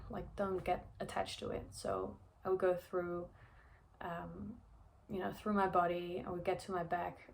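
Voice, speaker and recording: A woman's voice: fairly low pitch, vocal fry, slight background noise. A young woman telling a personal story in a chatty vlog, with lots of fillers and frequent laughs. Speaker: vlogger.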